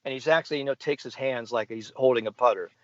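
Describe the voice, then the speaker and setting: A man's voice: mid-range voice, fast talker, fairly bright tone, no echo. A man in his seventies, a golf sports psychologist, telling a story on a podcast and acting out the people he quotes. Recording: dry, slightly dull podcast audio.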